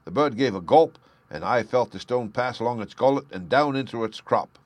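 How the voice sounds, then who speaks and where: A man's voice: medium pitch, animated, moderate pace, dry recording, close to an everyday voice. A man reading aloud plays a frightened young thief pouring out a pleading confession, his voice raised and urgent. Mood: anguished.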